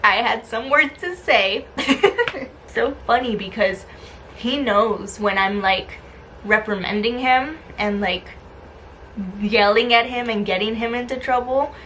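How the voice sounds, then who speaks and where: A young woman chats straight to camera in a casual vlog, with a bright, fairly high voice. She talks in an animated, rambling way, full of "like" and "um". A faint hiss runs under her voice. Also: takes it slowly, poor audio. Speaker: lifestyle vlogger.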